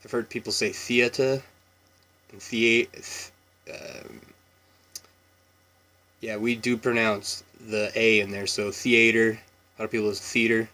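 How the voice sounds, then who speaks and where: A young man from Washington State with a Pacific Northwest American accent, chatting casually in a relaxed, meandering way for an accent tag video. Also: fairly low pitch, slow pace, pauses often. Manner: relaxed, meandering, with laughs and many fillers. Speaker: vlogger.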